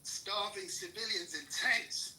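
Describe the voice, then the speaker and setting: A man's high, piercing voice rings out in an angry, profanity-laden tirade, berating his opponent without pause. The sound is roomy and echoey, picked up from a distance across the room. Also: fairly even intonation. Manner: furious, swears constantly, shouts insults. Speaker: political commentator in a heated debate. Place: room with others present. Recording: roomy echo, distant mic.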